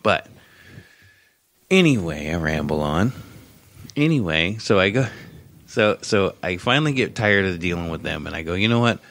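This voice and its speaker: A man with a very low, deep voice tells a rambling story in casual chat, swearing freely and joking at his own expense. The sound is close and dry, with no room around it. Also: very animated, moderate pace, gravelly, long pauses, a bit bright, dry recording. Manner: profane, rambling, wry. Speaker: podcast co-host.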